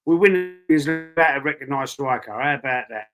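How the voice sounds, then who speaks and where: A man's voice: mid-range voice, brisk, music in the background. A Cockney man hosting a fan chat stream, talking bluntly, swearing and repeating himself as he argues his points. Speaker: football fan channel host. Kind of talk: casual live-stream chat.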